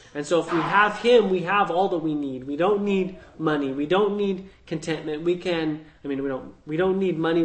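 A man's voice: high voice, rough recording. A man teaching through a Bible passage verse by verse, thinking aloud in a conversational way and checking in with "right?".

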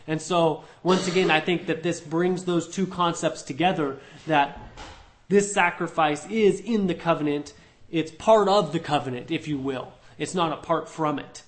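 A man's voice: fairly high pitch, normal speed. A man co-hosting a conversational Bible study discussion, thinking aloud with frequent ums and restarts as he works through a passage.

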